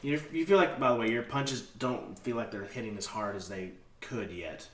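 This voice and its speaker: A man's voice: fairly low pitch, normal speed. A man narrating as game master, describing the action vividly with frequent fillers. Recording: roomy, distant mic with clear background noise.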